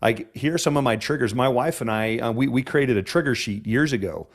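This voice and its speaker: A man's voice: medium pitch, fairly quick. Rambling, heartfelt male podcast host. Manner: emotional, rambling, many restarts. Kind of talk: podcast interview.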